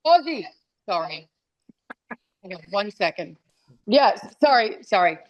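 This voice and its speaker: A woman's voice: medium pitch, expressive, a little slow, highs cut off. A woman, a guest talking candidly and casually, full of fillers and restarts, over a video call. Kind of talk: casual interview chat.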